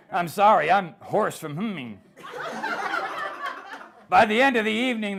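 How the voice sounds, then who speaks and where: A man, a poet, giving a live humorous poetry reading with deadpan, rhythmic comic delivery. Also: high-pitched, creaky.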